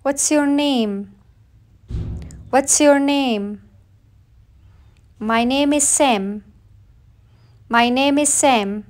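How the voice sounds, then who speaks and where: A woman with a high voice reads short everyday phrases for beginners. She speaks very slowly and carefully, often saying each phrase twice so learners can repeat it. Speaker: English teacher. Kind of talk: slow read-aloud phrase drill.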